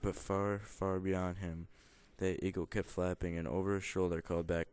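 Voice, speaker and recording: A young man reads a children's rhyming storybook aloud without putting on voices. His voice sits very low and level, with a smooth, clear tone, and he stumbles and corrects himself now and then. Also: level tone, moderate pace, hardly any pauses, darkish tone. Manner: plain, mostly unvoiced reading with small stumbles and self-corrections. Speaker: student reader. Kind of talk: reading a picture book aloud.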